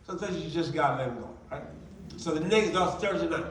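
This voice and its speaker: Man, high voice, storytelling presentation, echoey room, distant mic, faint background noise. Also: quick pace. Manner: animated, acts out quoted dialogue. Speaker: motivational speaker. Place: large meeting room.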